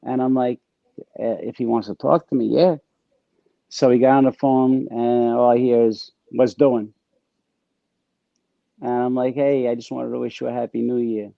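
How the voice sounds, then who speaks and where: A man with a gravelly, creaky voice sits as an interview guest and tells stories in a casual, streetwise way. He stumbles and restarts mid-sentence. The recording is dull and lo-fi, with a dry, close sound. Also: mid-range voice, little pitch movement, moderate pace, no echo. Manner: streetwise slang, stammering restarts. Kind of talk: casual storytelling.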